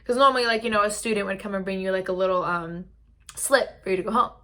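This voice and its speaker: Bright-voiced chatty young woman. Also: medium pitch, steady tone, fast talker. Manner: chatty, heavy use of "like". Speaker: vlogger. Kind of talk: casual storytime. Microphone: camera mic.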